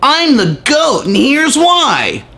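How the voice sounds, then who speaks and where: Whiny fake tough-guy voice, sing-song, pitched way up, as a man mocks it. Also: wildly swooping pitch, slow, pushed and bright, roomy sound, full character voice. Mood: mocking.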